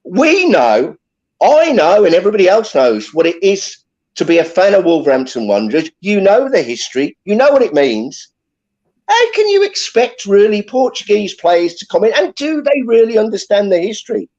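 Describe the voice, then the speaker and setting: A man's voice: high-pitched, very animated, moderate pace, a little mellow. A man on a fan phone-in show, speaking emphatically and leaning on fillers like "you know, look". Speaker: fan panelist. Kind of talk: heated phone-in debate. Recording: muffled lo-fi line.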